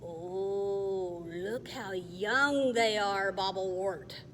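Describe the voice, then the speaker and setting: A woman voicing a gangly male goblin slaver, raspy and slow and gloating, in a storybook reading. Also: mid-range voice. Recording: faint long reverb, faint hiss.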